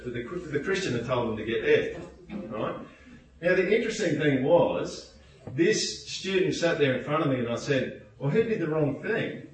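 A man preaching a sermon in a church, animated and playful, acting out quotes in put-on voices. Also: mid-range voice. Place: church hall. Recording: echoey hall, distant mic.

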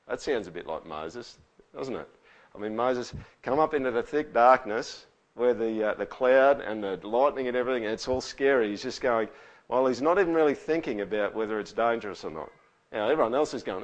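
A man's voice: medium pitch, animated, fairly quick. A man preaching a sermon in a conversational way, often checking in with tags like "all right?". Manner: conversational, with frequent rhetorical tags. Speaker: pastor.

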